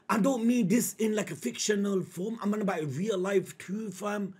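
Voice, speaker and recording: A man streaming a live manga reaction, emotional and slangy, swinging between shouting and low muttering. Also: normal speed, hardly any pauses, slightly rough.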